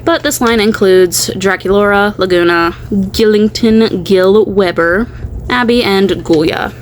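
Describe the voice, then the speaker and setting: Slow, chatty woman unboxing a doll. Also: medium pitch, slight background noise, low-quality recording. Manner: chatty, rambling. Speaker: doll unboxing channel host. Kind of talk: casual unboxing chat. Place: at home.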